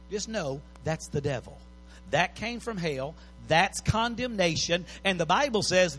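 A male preacher delivers an impassioned sermon. His voice sits high and bright. He circles back on pleading phrases and climbs to shouts, with faint music playing behind. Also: lively intonation, moderate pace.

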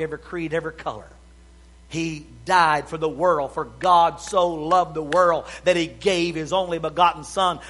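A man delivering a fiery sermon in a high, bright voice. He rises to shouts, then drops to near-whispers while quoting scripture. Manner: swings from shouting to hushed, quotes scripture. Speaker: preacher. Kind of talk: revival sermon.

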